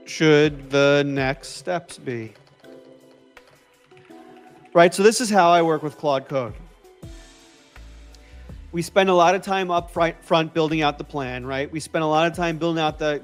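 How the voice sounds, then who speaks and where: A livestream host with a blended New York and Boston accent runs a casual coding stream in a slightly high voice. Upbeat and loose, he repeats phrases and responds to viewers while faint lo-fi music plays in the background.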